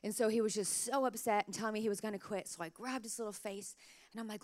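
A woman in her thirties, a mother telling emotional family stories in a casual, animated way, full of "like" fillers, her throat a little sore. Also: medium pitch, fast talker. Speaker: mother sharing parenting stories. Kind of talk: casual storytelling to camera.

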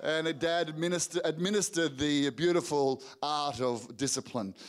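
A middle-aged man preaching to a church congregation, telling lively family stories with quick restarts and acted-out quotes. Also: a little high. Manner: energetic storytelling with rapid restarts and acted-out quotes. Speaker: pastor. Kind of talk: sermon storytelling. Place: church hall before a congregation.

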